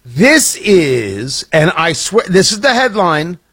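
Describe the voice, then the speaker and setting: Wry, joking radio host. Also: male voice, high voice, very animated, slow, a bit bright, husky. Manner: wry, joking, self-interrupting. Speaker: radio talk show host. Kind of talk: casual morning radio chat. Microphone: studio microphone.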